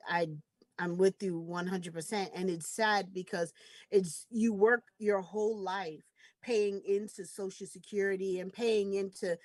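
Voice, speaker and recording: A woman hosting a casual conversation on a video call, talking in a relaxed way with lots of "you know". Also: medium pitch, unhurried, no room sound. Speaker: host. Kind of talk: casual chat.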